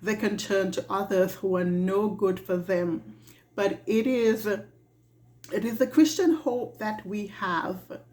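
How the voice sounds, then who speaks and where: A woman giving a devotional reflection in an earnest, halting way, often repeating her words. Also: mid-range voice, darkish tone. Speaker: devotional speaker. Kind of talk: slow reflective devotional talk.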